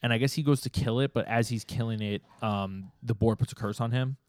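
A man co-hosting a podcast in casual chat, from New York, relaxed and joking, often trailing off mid-sentence. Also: medium pitch, brisk, no room sound. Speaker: podcast co-host.

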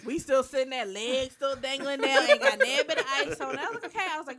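Lively high-voiced woman telling stories. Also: normal speed, over a noisy crowd. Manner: animated, acts out quoted exchanges, laughs through stories. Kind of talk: casual storytelling chat.

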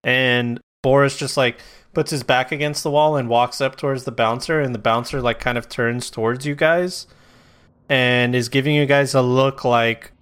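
Game master, male, mid-pitched and smooth, narrates loosely and casually. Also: steady tone, moderate pace, a bit bright. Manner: casual, swearing, loose storytelling with fillers.

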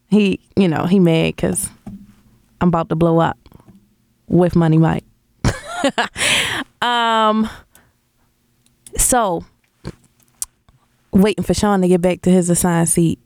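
A woman hosting a radio call-in show, casual and quick to laugh. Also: on the low side, clear, resonant tone, no room sound, clean studio sound. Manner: laughs easily, relaxed and casual. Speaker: host.

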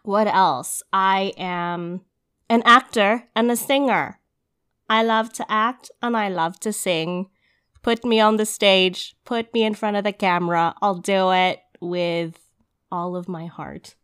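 A woman's voice: medium pitch, takes it slowly, fairly bright tone, clean tone. A woman in her thirties co-hosting a podcast, chatting casually with lots of laughs and fillers. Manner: giggly, upbeat, many fillers. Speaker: podcast co-host. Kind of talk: casual chat.

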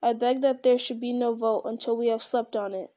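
A woman's voice: a little high, steady tone, fairly quick, mellow, natural voice. A woman reading the part of a thoughtful, reluctant male hobbit in a hesitant, considered way.

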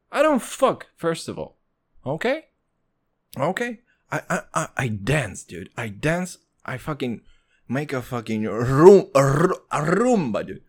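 A young man from Israel hosting a casual solo podcast, rambling and joking with constant swearing and sudden pitch jumps. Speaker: podcast host.

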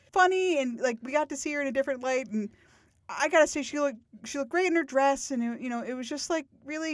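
A young woman co-hosting a podcast in casual chat, playful and quick to laugh. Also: high voice, a bit bright, no echo, studio quality. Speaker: podcast co-host.

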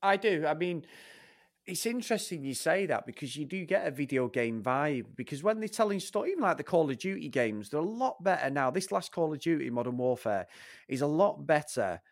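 Northern english bloke moaning about a movie, bit higher voice, swears a lot, dry close sound. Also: male voice, animated, brisk, gravelly, dry recording. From Northern England. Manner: blunt, sweary, ranting. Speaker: podcast co-host. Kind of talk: casual film review chat.

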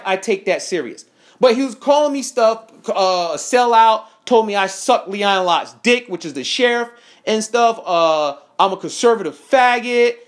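Heated, profane man telling a story. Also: high-pitched. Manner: heated, profane, animated retelling with quoted dialogue. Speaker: veteran recounting an incident. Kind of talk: angry first-person account to camera.

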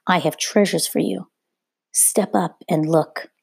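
A woman reading aloud voices a shrill, showy woman trader calling out to a crowd like a market hawker. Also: slow, gravelly, a little mellow, husky, no room sound, in a whisper, heavily acted. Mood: proclaiming.

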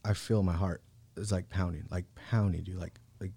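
Podcast guest, man in his 30s, slangy laid-back storyteller with a lowish voice, close dry mic. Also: fairly even intonation, normal speed, warm tone, breathy edge, no echo. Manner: laid-back slangy talk, many "bro" and "like". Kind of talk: casual storytelling.

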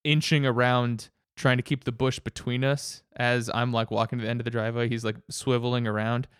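A man's voice: mid-range voice, level tone, brisk, a bit bright, clear, resonant tone, no room sound, studio quality. A man telling a rambling story in casual chat, with many restarts and frequent laughs.

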